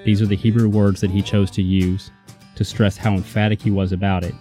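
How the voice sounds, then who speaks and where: A man's voice: fairly low pitch, little pitch movement, a little fast, mellow, faint music behind. A man teaching a Bible lesson in a casual, emphatic way, often checking in with his listener. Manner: conversational, emphatic, checks in with "right?".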